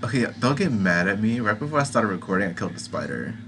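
A man's voice: lowish voice, big pitch swings, fast, pushed and bright, a little hiss or hum. A man doing casual let's-play commentary, chatty and playful as he reads game text aloud. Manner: chatty and playful, laughs often. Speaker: gaming video creator.

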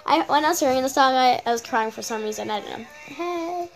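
High-voiced rambling female vlogger. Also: lively intonation, a little fast. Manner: rambling, many repeated okays and ums. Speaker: channel host. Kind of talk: casual reaction commentary.

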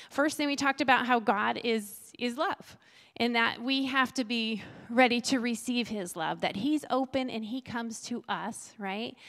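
A woman's voice: on the high side, gravelly, a bit bright. A woman pastor preaching a sermon in a conversational way, often checking in with "right?" and "you know", and acting out Bible scenes in quoted voices.

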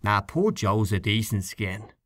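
A man's voice: lowish voice, expressive, a little slow, fairly bright tone, dry recording. A mild, doubtful male canvasser in a spoken storybook, as a man reads him. The voice rises and falls a lot, in a dry, close recording.

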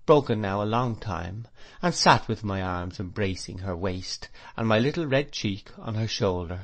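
A man narrating a classic novel as an audiobook reader, in a gentle, reflective manner. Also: fairly low pitch.

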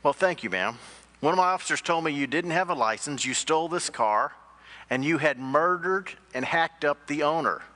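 Casting: formal, courteous police sergeant, baffled in a pastor's joke. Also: male voice, fairly high pitch, expressive, normal speed, pushed and bright. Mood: stunned. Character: cautious male police sergeant, stunned and formal.

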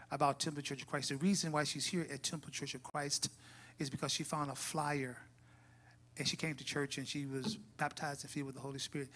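A man's voice: fairly high pitch, pushed and bright. Fervent pastor, a man leading prayer. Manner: fervent, rising prayer cadence. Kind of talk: church announcements and prayer. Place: church sanctuary.

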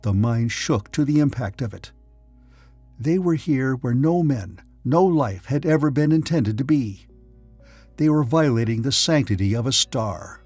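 A man narrating a science fiction audiobook in a dramatic, measured way. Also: mid-range voice, a little mellow, breathy edge, no echo, soft background music. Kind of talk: scripted narration.

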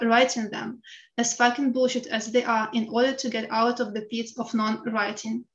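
A woman's voice: a little high, fairly bright tone, highs cut off. A woman with a Ukrainian accent reads her own personal essay aloud in a frank, wry way, swearing bluntly. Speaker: writer reading her own piece.

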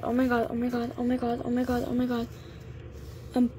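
A woman's voice: a little high, completely flat delivery, brisk, pauses often, noisy background. A girl giving chatty gameplay commentary, full of fillers and sudden exclamations. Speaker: gamer.

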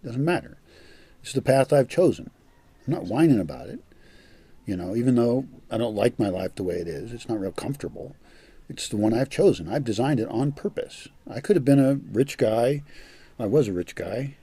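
A man's voice: mid-range voice, expressive, moderate pace, mellow, husky, no room sound. An older man giving a blunt, profane monologue as a vlogger, scornful and direct. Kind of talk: ranting monologue.

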